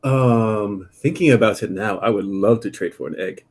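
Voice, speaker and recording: A man playing a tabletop game, speaking his character's lines in a formal, measured way. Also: on the low side, darkish tone. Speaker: player. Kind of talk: in-character tabletop role-play.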